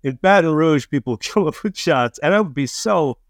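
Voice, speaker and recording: A man's voice: fairly high pitch, animated, moderate pace, no echo. Man, comedian, casual chat, rambling, profane, stammering restarts, dry close sound. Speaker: comedian and film director, podcast guest.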